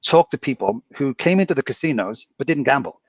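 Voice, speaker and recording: Casino dealer guy telling stories, clears his throat a lot, kinda muffled dry sound. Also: medium pitch, expressive, a little fast, no room sound. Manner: rambling storyteller, clears throat often. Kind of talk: casual chat.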